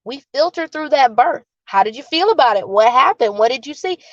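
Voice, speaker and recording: Woman w/ a high voice, earnest and calm, dry dull lo-fi call sound. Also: fairly quick, no echo. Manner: earnest, explains calmly with examples. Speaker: guest, birth and postpartum support worker. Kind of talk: explanatory interview talk.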